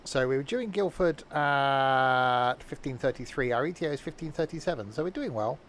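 A man's voice: medium pitch, lively intonation, a little fast, a bit bright, a little hiss or hum. A man casually commentating a train simulator game live, joking and teasing his chat. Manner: joking, chatty, teasing viewers. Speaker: streamer playing a train simulator.

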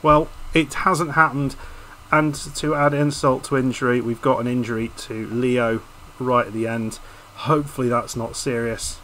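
Casually narrating a football management video game, a YouTube gaming host sounds frustrated and halting, often beginning his sentences again. He speaks in a mid-range, a bit bright voice with fairly even intonation at a moderate pace. Slight background noise comes through on the low-quality recording.

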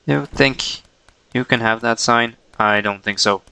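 A man's voice: mid-range voice, unhurried, creaky, pushed and bright, smooth, poor audio. A man casually chatting to himself while streaming a game, playful and chuckling.

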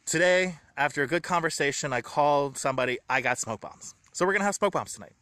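A man vlogging from home, talking in an earnest, rambling, grateful way, excited and a little shaky. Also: on the high side, fast talker, no room sound. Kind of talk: emotional personal vlog.

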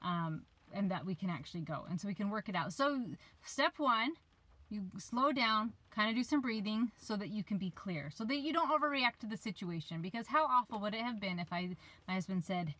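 A woman's voice: mid-range voice, lively intonation, a little fast, a bit bright, no room sound, poor audio. A woman in her thirties, a life coach, giving casual advice from her parked van, chatty and sometimes losing her train of thought. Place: parked van, rain outside.

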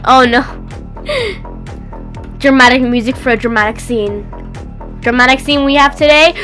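A woman's voice: high voice, slow pace, long pauses, soft background music. A woman giving casual game commentary, exclaiming and crying out as she plays. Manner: excitable, cries out and exclaims. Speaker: gameplay commentator.

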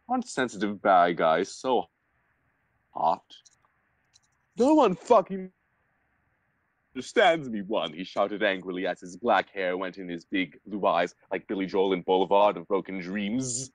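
A young man reading a bad fan story aloud for laughs, sarcastic and animated, over a voice call. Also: on the low side, moderate pace, no echo, rough recording. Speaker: reader in a group reading. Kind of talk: mock-dramatic comedic reading aloud.

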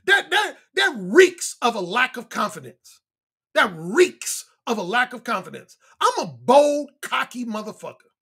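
Male dating coach, husky tone, very animated pitch, cocky monologue style. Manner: boastful, emphatic, repeats lines for effect. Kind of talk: casual monologue to viewers.

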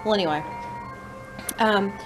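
A woman's voice: mid-range voice, a little slow, over music, rough recording. A mother vlogging casually, coaxing her baby in a playful sing-song voice. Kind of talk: casual vlog chat and baby talk.

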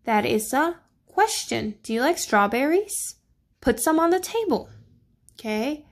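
A woman's voice: on the high side, vocal fry. A woman teacher, patiently walking children through a grammar lesson and checking in with them often. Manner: slow, patient, checking in with "okay?" and "right?".

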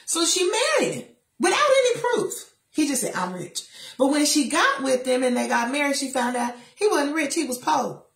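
A middle-aged woman giving a faith-based motivational talk from a chair, emphatic and sassy, with lively asides to her listeners. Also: high voice, moderate pace, creaky, reverberant. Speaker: motivational speaker. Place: seated in a chair.

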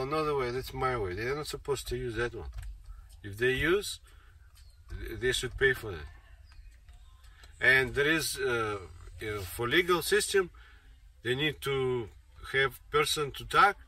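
A man's voice: mid-range voice, unhurried, pushed and bright. A man talking in an insistent, rambling monologue, repeating himself and circling back to the same points. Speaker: speaker giving a monologue. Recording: distant mic with faint noise.

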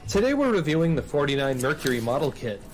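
Male host, scripted comedy, preachy and theatrical, lively high-ish voice. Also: fast, faint music behind.

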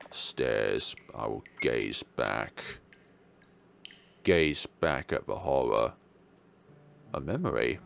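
A young man playing through a horror game, reading its lines and adding wry deadpan asides. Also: extremely low pitch, extremely slow, creaky, pauses often. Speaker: let's play host. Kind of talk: gaming commentary and dialogue reading.

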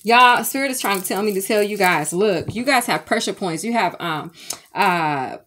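Speaking at a moderate pace with a medium-pitched voice, this woman is a spiritual medium and tarot reader filming a relaxed vlog at home, sage smoke drifting through the room. She's lively and talkative, repeatedly asking viewers "okay?" and addressing them as "y'all."

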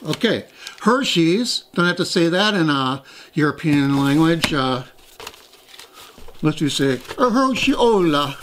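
A man's voice: high-pitched, a bit bright, slight background noise. A man hosting a casual taste-test vlog, talking in a chatty, rambling way and poking fun at himself. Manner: chatty, rambling, self-deprecating. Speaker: host.

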